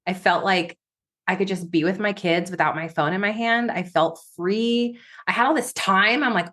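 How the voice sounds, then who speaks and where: A woman speaking as a podcast guest, her voice at a middle pitch. She tells her story with emphasis and builds vivid examples to make her point. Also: moderate pace, fairly bright tone. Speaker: guest business coach. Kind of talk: conversational interview storytelling.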